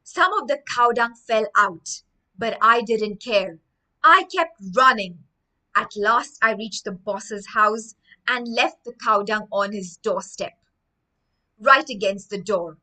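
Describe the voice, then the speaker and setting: A woman's voice: on the high side, expressive, slow pace, bright, forceful tone, heavily acted. A woman reading aloud as a boy telling his own embarrassing story in storybook style. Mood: storytelling. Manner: storybook first-person narration.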